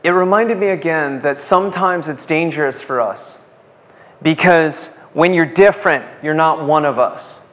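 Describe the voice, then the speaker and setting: Preaching man with a slightly high voice. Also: a little slow, long pauses, sharp tone. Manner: rhetorical questions, asks congregation to respond. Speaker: pastor. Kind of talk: sermon.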